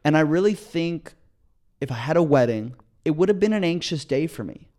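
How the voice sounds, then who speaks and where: Podcast guy rambling thru a story, excited, keeps restarting. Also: on the high side, moderate pace. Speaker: podcast co-host. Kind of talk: casual storytelling chat.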